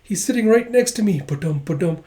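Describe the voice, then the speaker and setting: A man's voice: high voice, animated, fairly quick, warm tone. A man voicing a scheming, lovestruck little rich girl in a manga reading, giddy and breathless.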